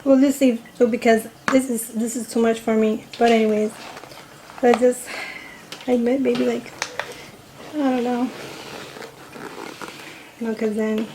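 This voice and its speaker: A young woman talks casually to her camera with a slightly high voice. She rambles and fills her pauses with ums, and faint background noise runs under her chat. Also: flat delivery, mellow, rough recording. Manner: rambling, filler-heavy chatter. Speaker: vlogger. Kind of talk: casual storytime and mukbang chat.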